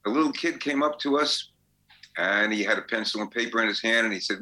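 An older songwriter telling rambling anecdotes in a casual interview. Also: male voice, lowish voice, brisk, bright, forceful tone, rough recording. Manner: rambling anecdotes with fillers and restarts. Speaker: songwriter guest.

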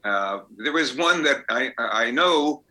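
A man's voice: mid-range voice, animated, slow, sharp tone, low-quality recording. A man in his eighties, a songwriter guest, telling anecdotes in a chatty way and laughing as he goes. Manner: chatty storyteller, laughs as he talks. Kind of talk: anecdotal interview.

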